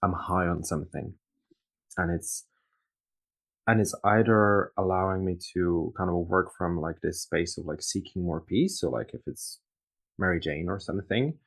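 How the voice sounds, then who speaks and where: A man's voice: deep voice, moderate pace, gravelly. A man co-hosting a casual tarot reading chat, agreeable and thoughtful. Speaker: tarot reader co-host.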